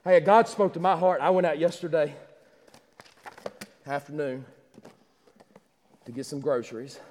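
A man preaches with fervent, repetitive insistence, often stumbling and restarting his phrases. His voice sits high for a man. It rings with a long reverb from a small church. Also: steady tone, unhurried, darkish tone. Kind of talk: livestreamed Easter sermon.

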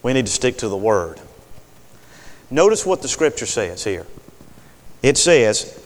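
A man preaching a sermon in a folksy, animated way, calling for amens. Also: mid-range voice, measured pace, big-room sound.

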